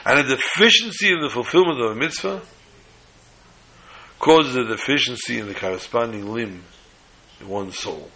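A man teaching a sermon on the weekly Torah portion in a measured, halting way, often restarting phrases. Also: medium pitch, bright, forceful tone, rough recording.

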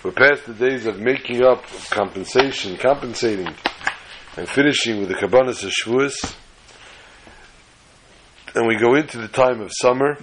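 A man's voice: mid-range voice, normal speed, long pauses, fairly bright tone, a little hiss or hum, poor audio. A man giving an emphatic, lecturing sermon-style scripture lesson as a religious teacher.

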